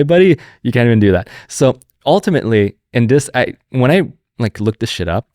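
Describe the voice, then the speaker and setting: A young man hosting a political podcast, talking in a profane, animated, rambling way. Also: fairly low pitch, dry recording, clean studio sound. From Canada. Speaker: podcast host. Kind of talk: casual political podcast chat.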